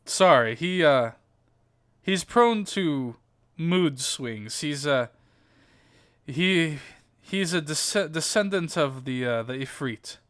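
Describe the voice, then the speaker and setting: A man voicing a calm, peaceful water genasi armorsmith who speaks in a soothing, measured way. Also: fairly high pitch, clean tone, dry recording, clean studio sound.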